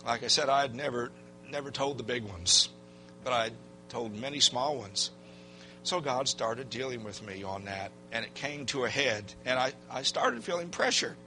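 An older pastor's mid-range voice moves at a normal speed with faint music in the background. During his sermon he tells a personal story in a folksy, animated manner, playing out what people said.

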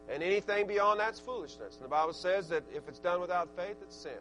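A man with an Arkansas accent preaching a sermon, swinging from quiet asides to loud, emphatic peaks and restarting his words as he goes. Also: sits high, animated, moderate pace, soft background music. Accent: Southern US, Arkansas.

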